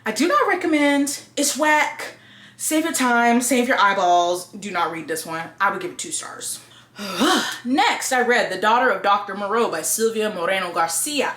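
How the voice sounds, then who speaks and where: A woman reviewing books in a casual, blunt, expressive way and swearing freely. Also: medium pitch, normal speed, roomy sound. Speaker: book reviewer.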